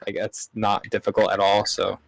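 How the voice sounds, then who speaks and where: A man's voice: lowish voice, monotone, moderate pace, vocal fry, no echo, poor audio. A man guesting on a casual podcast, laid-back and swearing casually.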